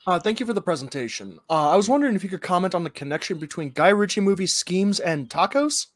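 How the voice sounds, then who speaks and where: A man's voice: high voice, lively intonation, fast, dry recording. A man asking straight-faced, mock-formal questions in a comedy panel.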